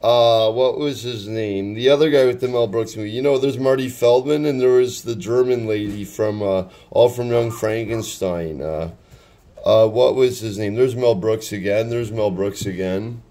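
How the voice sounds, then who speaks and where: A man's voice: mid-range voice, moderate pace, dark tone. A man in his thirties rambling casually about his sketchbook drawings, with many fillers and restarts. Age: 30s. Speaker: artist showing his sketchbook.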